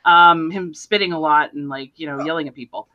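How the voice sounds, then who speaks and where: A woman co-hosting a podcast, retelling a film plot in a rambling, animated way and acting out the lines. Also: low voice, fairly quick, highs cut off. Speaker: podcast co-host. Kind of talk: casual film discussion.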